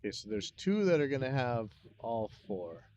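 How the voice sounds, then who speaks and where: A man's voice: mid-range voice, very animated, moderate pace, darkish tone, muffled recording, a little hiss or hum. Mumbling man talking to himself while working. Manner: rambling, self-deprecating, muttering under his breath. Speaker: live-stream host working on music sessions. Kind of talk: casual thinking-aloud commentary while working.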